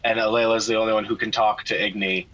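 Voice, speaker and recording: A man's voice: on the low side, little pitch movement, quick pace, a bit bright, low-quality recording. A man playing a tabletop game, hesitant and full of fillers as he explains his spell ideas. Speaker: player. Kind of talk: casual tabletop game talk.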